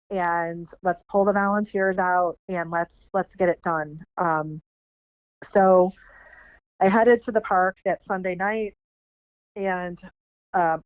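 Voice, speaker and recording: A woman's voice: fairly low pitch, no room sound. A middle-aged woman, a podcast guest, telling a story in a casual interview and acting out the people she quotes. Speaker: podcast guest, former animal control director.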